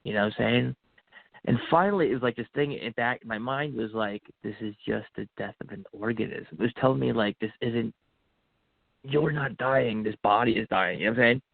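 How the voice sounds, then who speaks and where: A man's creaky, mid-range voice moves briskly as he shares his own story as a podcast guest, earnestly acting out what went through his head at the time. The audio is tinny and phone-like, dry, with no room sound.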